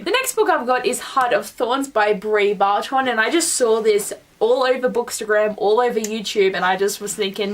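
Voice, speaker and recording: A young woman talks through her new books in a casual vlog. Her voice sits a little high, and she sounds excitable and rambling, full of fillers. She is recording at home. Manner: chatty and excitable, many fillers. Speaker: book vlogger. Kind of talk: casual book haul vlog.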